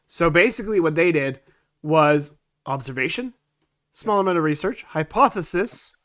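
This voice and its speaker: Male co-host, scratchy tone, a touch high, blunt and dismissive. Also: lively intonation, moderate pace, fairly bright tone. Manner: blunt, scornful. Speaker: podcast co-host. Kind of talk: casual opinion chat.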